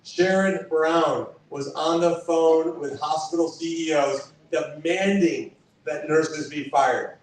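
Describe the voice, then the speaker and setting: A man's voice: fairly high pitch, fairly even intonation, slow. A man giving a campaign stump speech. He talks emphatically, whose first language is Spanish, and repeats key lines for effect. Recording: echoey hall from far off.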